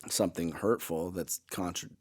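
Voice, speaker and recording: A man with a low, deep voice talks through his views in a loose, casual podcast chat. He rambles and circles back, correcting himself and leaning on "like" and "you know." He sounds middle-aged. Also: steady tone, normal speed. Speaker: podcast co-host. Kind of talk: casual conversation.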